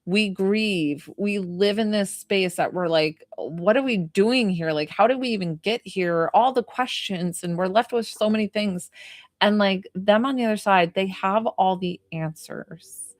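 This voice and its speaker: A woman's voice: mid-range voice, no room sound, clean studio sound. A young woman giving a live psychic reading, talking in a rambling, hesitant way full of fillers like "like" and "um.". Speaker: psychic medium.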